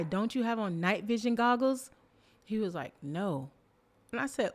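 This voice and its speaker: A young adult woman hosting a podcast, telling a personal story in a casual, animated way, full of fillers and bursts of loud laughter. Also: medium pitch, normal speed. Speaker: podcast host.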